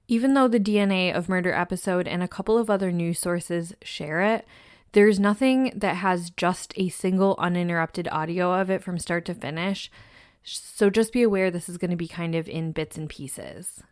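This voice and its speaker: A woman hosting a true crime podcast, narrating a case in a measured, somber way. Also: fairly low pitch, dry recording, studio quality.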